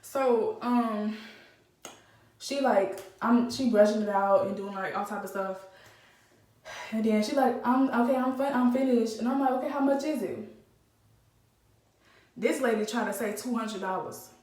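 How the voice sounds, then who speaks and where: A young woman telling a casual storytime vlog, animated and slangy with lots of fillers. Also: fairly high pitch, normal speed. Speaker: vlogger. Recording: roomy, slightly distant phone mic.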